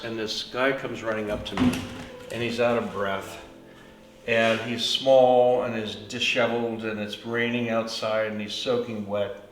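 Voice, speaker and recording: Unhurried low-voiced man telling stories. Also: steady tone. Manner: unhurried, storytelling, trailing fillers. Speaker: painter. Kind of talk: reflective studio talk. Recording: echoey room with soft music.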